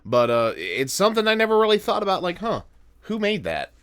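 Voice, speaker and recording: A man's voice: high-pitched, wildly swooping pitch, fairly quick, a bit bright, clear, resonant tone. Chatty young man reacting to a video. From United States. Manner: chatty, interjects often, rambling asides. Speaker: reaction channel host. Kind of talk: casual reaction commentary.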